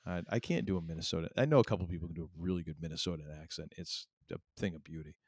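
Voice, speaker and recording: A man with a fairly low voice rambles through a casual podcast conversation with animated asides. The sound is dry and close, with no room around it. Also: no room sound. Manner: rambling, animated, quick laughs. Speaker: podcast co-host. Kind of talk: casual chat.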